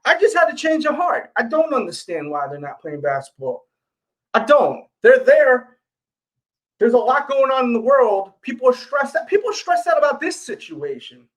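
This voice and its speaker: High-voiced man with a New York accent. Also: a bit bright. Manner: talks straight to viewers, repeats himself, pleading. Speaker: sneaker channel host. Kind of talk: casual livestream rant.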